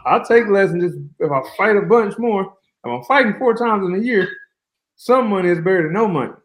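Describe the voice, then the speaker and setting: A man speaking as a guest fighter in a casual interview, relaxed and colloquial, telling long flowing stories over a remote call. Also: sits high, brisk.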